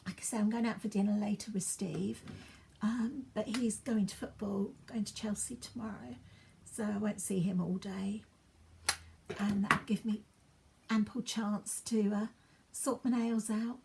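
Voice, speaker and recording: A woman chats in a rambling way as she styles her hair for a get-ready-with-me vlog at home, dropping into soft asides. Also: medium pitch, fairly even intonation, unhurried, gravelly, noisy background. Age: 50s. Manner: chatty, rambling, drops into soft asides while working. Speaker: beauty vlogger.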